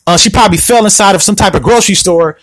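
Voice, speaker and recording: A Southern California podcast host rants alone into his mic in a high voice, speaking fast in an animated, confrontational way and repeating himself. The recording is dry and close, with no room sound or echo.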